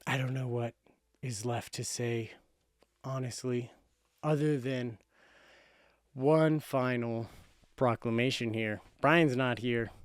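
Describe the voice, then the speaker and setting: A man's voice: mid-range voice, fairly even intonation, takes it slowly, pauses often, dry recording, clean studio sound. A man in his thirties hosting a sports show, making playful, boastful predictions in a casual chat. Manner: boastful, playful, self-correcting.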